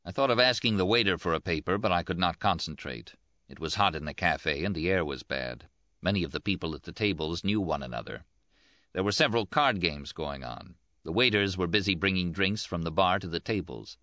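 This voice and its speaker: A man reading a first-person novel in a plain, measured audiobook narration. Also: low-pitched, expressive, sharp tone, dry recording, highs cut off.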